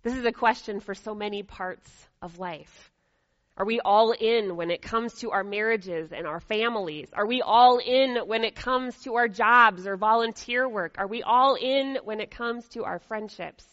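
A woman pastor preaches in a slightly high voice, telling a story with playful character voices. The recording is dull and lo-fi. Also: normal speed, a bit bright. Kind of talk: sermon.

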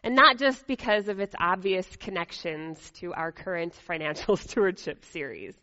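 A woman's voice: fairly low pitch, normal speed, few pauses, pushed and bright, lo-fi sound. A woman pastor preaching a sermon and praying, telling a story with playful character voices.

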